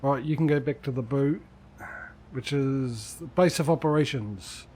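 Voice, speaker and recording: Chatting his way through a farming game stream, he talks to his in-game workers and cracks dry jokes in casual commentary. His voice is medium in pitch, darkish and slightly rough, and he doesn't hurry.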